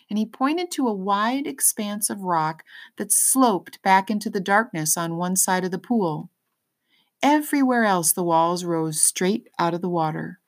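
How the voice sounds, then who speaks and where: A woman reading a children's novel aloud, pausing to explain words in plain terms. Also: mid-range voice, expressive. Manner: pauses to explain words simply. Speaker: reader. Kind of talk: storybook read-aloud for children.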